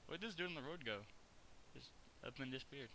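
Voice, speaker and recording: Rapid, bright-voiced gamer man. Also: medium pitch, slight background noise. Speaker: roleplay game player. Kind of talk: in-character game voice chat.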